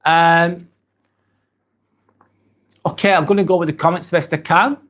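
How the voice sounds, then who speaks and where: This is a live stream host, an English man in his 40s, working casually through viewer comments. His pitch leans high and a bit bright, his tone steady and his pace measured. Earnest and hesitant, he says um a lot and keeps apologizing.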